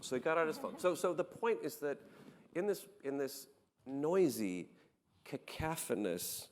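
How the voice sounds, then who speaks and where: A man on a conference panel, telling anecdotes in an animated way with many restarts. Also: fairly high pitch, measured pace, in a large hall, slight background noise. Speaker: panel guest, startup founder.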